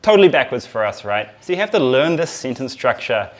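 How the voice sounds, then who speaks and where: An energetic man talks straight to camera as a language-learning vlogger, leaning hard on key words. His delivery is upbeat and emphatic, and his voice sits at an ordinary middle pitch for a man. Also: fairly quick. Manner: energetic, emphatic teaching talk. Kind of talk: upbeat YouTube language lesson.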